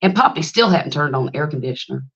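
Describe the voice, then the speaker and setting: A woman in her late fifties hosts a relaxed livestream chat, telling long stories and calling out viewers by name. Her voice sits a little low for a woman. The stream audio is slightly muffled and lo-fi. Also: fast talker. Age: 50s. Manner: chatty and storytelling, greets viewers by name, laughs often. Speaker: livestream host.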